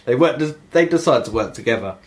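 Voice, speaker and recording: A young man hosting a casual gaming podcast, telling stories in an animated way, swearing and laughing often. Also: medium pitch, a little fast. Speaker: podcast host. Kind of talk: casual podcast chat about video games.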